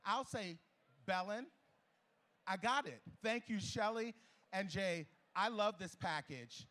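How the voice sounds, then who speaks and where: A man calling bids at a charity gala auction, playful and teasing with bidders, repeating the bids in quick patter. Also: high-pitched, lively intonation, sharp tone. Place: gala ballroom.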